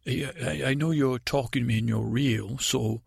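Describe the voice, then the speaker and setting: An actor playing a timid, naive boy prince in an improvised comedy podcast, telling a story in a halting, stammering, meandering way. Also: mid-range voice, gravelly, slightly rough, no echo, studio quality. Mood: rambling. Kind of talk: improvised comic monologue.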